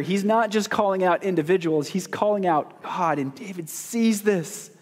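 A man preaching a sermon as pastor, talking in a conversational, joking way and putting questions to the congregation. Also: sits high. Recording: long hall reverb.

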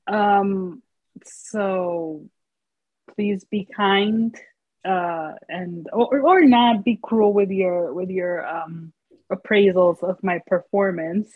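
A woman co-hosting a podcast in casual chat, halting and playful, with many fillers. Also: mid-range voice, no room sound, phone-quality sound. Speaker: podcast co-host.

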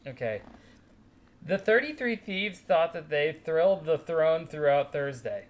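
A woman with a low voice and lively, swooping pitch chats casually on a podcast. She sounds upbeat and cheers her co-host on. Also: unhurried. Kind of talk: casual chat.

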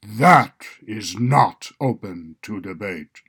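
Stern chief judge, read by a man: very low, resonant, loud and unhurried. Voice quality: deep resonant voice. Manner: loud, slow, measured pronouncements. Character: stern male chief judge, cold and commanding.

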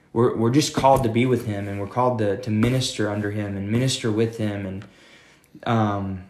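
A man's voice: on the low side, a little mellow, a little hiss or hum. A man, an associate pastor, telling a long story in a casual interview, rambling with many fillers and calling people "man.". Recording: echoey room.

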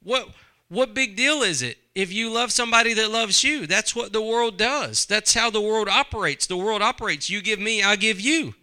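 A man's voice: high voice, normal speed, hardly any pauses, pushed and bright, clean tone. A man preaching a sermon, conversational and full of rhetorical questions to the congregation. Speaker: pastor.

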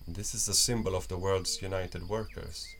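A man's voice: low voice, steady tone, moderate pace, creaky, a bit bright, slight background noise. A man voicing a kind, patient male soldier in a storybook reading, explaining things steadily. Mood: calm.

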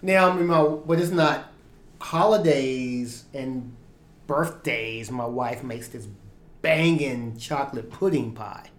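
A man's voice: medium pitch, slow. A man co-hosting a podcast in casual chat, teasing his partner with playful jokes. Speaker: podcast co-host. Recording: roomy echo.

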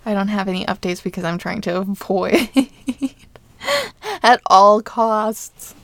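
A woman's voice: medium pitch, lively intonation, slow, fairly bright tone, no room sound. Young woman, podcast co-host, casual chat, filler-heavy storytelling, dry sound. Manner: chatty storytelling, frequent "like" fillers. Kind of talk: casual true-crime chat.

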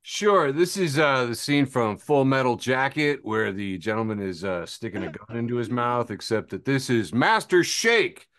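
A man hosts a casual comedy podcast with playful showmanship. His voice is bright and lively, bouncing across a wide range, with a middle pitch. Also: normal speed, hardly any pauses. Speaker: podcast host. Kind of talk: casual chat. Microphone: video call.

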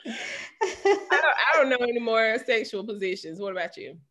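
A woman's voice: on the high side, animated, brisk, sharp tone. A woman co-hosting a casual chat with teasing, joking banter. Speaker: podcast co-host.

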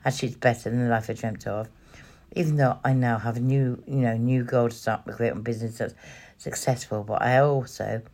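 A woman hosting a podcast, telling her personal story in an emotional, halting way with many restarts. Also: a bass voice, fairly even intonation, a little mellow. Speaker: podcast host.

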